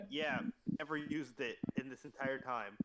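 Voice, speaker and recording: A man, a player in a tabletop game group, making dry, quiet jokes. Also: medium pitch, steady tone, a little slow, heavy background noise.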